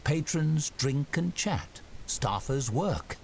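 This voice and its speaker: A man's voice: a little high, lively intonation, takes it slowly, gravelly, a little hiss or hum. A man giving scripted narration for a story game in a dry storybook manner.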